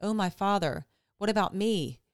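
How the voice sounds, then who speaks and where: A woman's voice: mid-range voice, expressive, normal speed, clean tone, no room sound, clean studio sound, close to an everyday voice. A woman reading the lines of a desperate elder son who pleads with his father.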